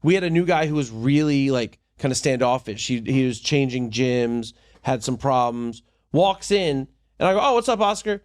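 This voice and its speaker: A man who hosts a podcast and coaches at a gym, chatting in a relaxed, easygoing way. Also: medium pitch, moderate pace, no room sound, studio quality. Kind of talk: casual podcast conversation.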